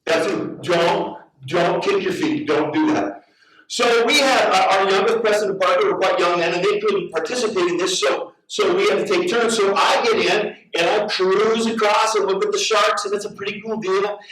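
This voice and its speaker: A middle-aged man preaches, animated and story-driven, stumbling over repeated words as he builds up. His voice sits fairly high for a man. It comes from well off the microphone in a very echoey church hall. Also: normal speed, recorded from a distance. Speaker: pastor. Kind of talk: sermon with storytelling. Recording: very echoey hall, heard from afar.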